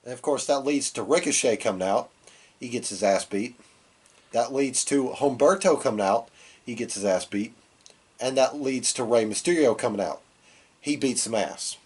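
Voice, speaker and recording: A man's voice: medium pitch, moderate pace, a little mellow, husky. A man co-hosting a podcast, giving a loose, rambling recap of a wrestling show while getting over a cold. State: has a cold, coughing. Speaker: podcast co-host.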